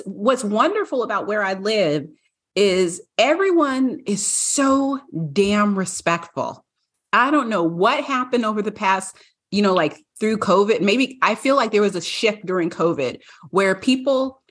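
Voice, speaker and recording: A woman with a slightly husky voice chats on a podcast, telling stories with animation. She slips into other voices for the people and dogs in her tale. Her pitch sits in a middle range for a woman. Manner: animated storyteller, acts out her dogs in high voices, laughs often. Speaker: podcast co-host. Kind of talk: casual chat.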